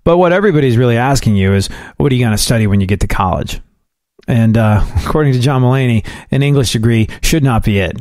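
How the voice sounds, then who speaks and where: A man's voice: mid-range voice, expressive, fast, darkish tone, no room sound, clean studio sound. A man hosting a solo podcast, talking in a chatty, wry way with asides and jokes. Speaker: podcast host.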